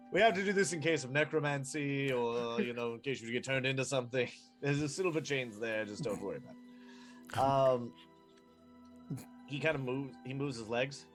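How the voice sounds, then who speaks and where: A man's voice: mid-range voice, moderate pace, long pauses, a bit bright, faint music behind. A man playing a tabletop role-playing game, joking, swearing and acting out his character. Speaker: player.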